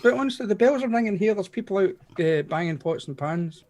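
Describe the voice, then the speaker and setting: A Scottish man talking as a guest on a casual live chat, with a slightly high voice. He trips over his words and restarts them, and keeps an animated, chatty tone. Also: brisk. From Scotland.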